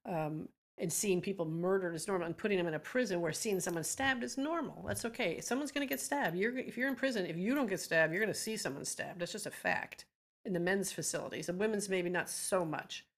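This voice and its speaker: Earnest, low-voiced middle-aged woman advocate. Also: a little fast. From Georgia, US. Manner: earnest, impassioned storytelling. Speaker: advocacy group founder, guest. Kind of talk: emotional interview talk.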